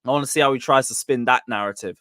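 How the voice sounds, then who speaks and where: A man hosting a live football stream, reading super chats and mocking rivals with excitable banter. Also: medium pitch, fast, no echo, clean studio sound.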